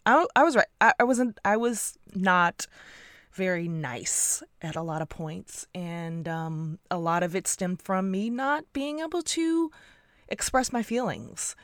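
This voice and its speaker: A woman's voice: mid-range voice, unhurried, no echo, clean studio sound. A woman hosting her podcast, chatting casually and reflectively with her husband, laughing often. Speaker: podcast host.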